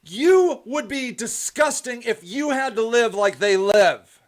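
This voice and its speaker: High-voiced man ranting on a live stream. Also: animated, slow. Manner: preachy, repetitive, ranting then softly rambling. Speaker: host of a live stream show. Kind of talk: impassioned live stream monologue.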